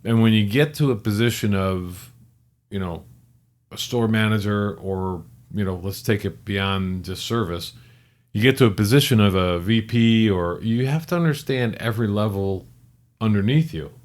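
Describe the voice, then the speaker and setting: A man's voice: fairly low pitch, moderate pace, a little mellow. A middle-aged man co-hosting a casual chat, rambling and correcting himself, with the odd joke. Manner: rambling, self-correcting, joking. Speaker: podcast co-host.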